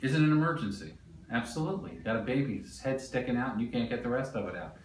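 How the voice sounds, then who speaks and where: A man giving a classroom lecture, animated and quizzing the class as he explains. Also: mid-range voice, fast, a little hiss or hum. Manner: animated, asks the class questions. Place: lecture room. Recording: echoey room, mic at a distance.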